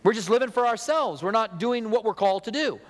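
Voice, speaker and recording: A man's voice: high-pitched, expressive, a little fast. A middle-aged male pastor giving a conversational sermon, with chatty asides and acted-out dialogue. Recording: long hall reverb.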